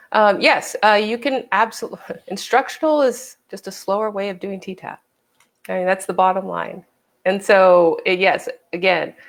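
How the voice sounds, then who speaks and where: A woman's voice: medium pitch, creaky. A woman fitness trainer co-hosting a casual livestream, explaining things and quoting past conversations.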